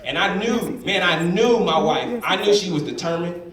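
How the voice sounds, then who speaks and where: A man's voice: high-pitched, normal speed. A man telling stand-up stories and acting out the voices of the people in them. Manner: animated storytelling, acts out voices. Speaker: stand-up comedian. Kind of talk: stand-up comedy. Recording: roomy hall from a distance, loud crowd.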